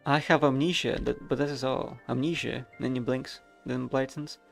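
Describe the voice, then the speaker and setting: A man's voice: mid-range voice, fairly even intonation, normal speed, creaky, faint music behind. A man streaming a video game, reading the narration aloud with wry, casual asides.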